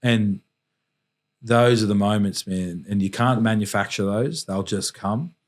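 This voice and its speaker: A man, a podcast guest telling personal stories in a candid, reflective way with halting restarts. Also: fairly low pitch. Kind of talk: candid storytelling in conversation.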